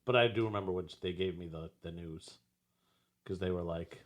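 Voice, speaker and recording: A man in candid podcast conversation, talking haltingly with many restarts. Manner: halting, starts over, lively pitch.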